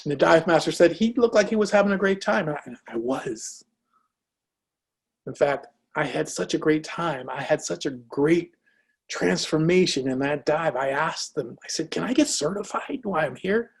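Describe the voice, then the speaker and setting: A man spins a motivational anecdote and brings each exchange to life as he tells it. His voice sits a little high, with a gravelly, husky edge. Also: moderate pace. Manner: lively, acts out dialogue in anecdotes. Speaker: speaker. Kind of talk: motivational storytelling.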